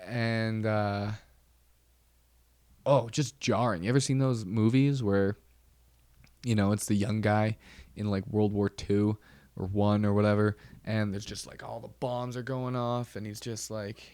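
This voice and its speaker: A man's voice: on the low side, little pitch movement, a little slow, darkish tone, clear, resonant tone, no room sound. A young man hosting a podcast, telling wry stories in a rambling, casual way with lots of fillers. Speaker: podcast host. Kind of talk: casual solo chat.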